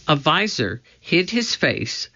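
A woman reading a children's storybook aloud in a measured, deliberate way, in a slightly dull lo-fi recording. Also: sits low, sing-song, bright, forceful tone. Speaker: audiobook reader.

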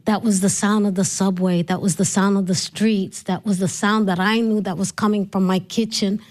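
A woman's voice: medium pitch, normal speed. A middle-aged woman from New York telling stories in a casual interview, laughing often and acting out voices. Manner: lively storyteller, laughs often, acts out voices. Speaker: podcast host guest.

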